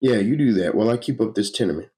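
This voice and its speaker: A man's voice: fairly low pitch, quick pace, dark tone, voice pushed up, lightly acted. A man voicing a brash, folksy male comic-book hero who cracks jokes while he works. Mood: gruff. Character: brash wisecracking male hero made of elements.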